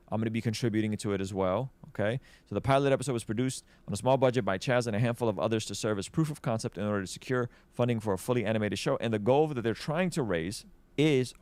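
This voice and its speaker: A man's voice: fairly low pitch, a little mellow, dry recording. A man giving casual video commentary, upbeat and promotional, often correcting himself mid-sentence. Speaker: online commentator.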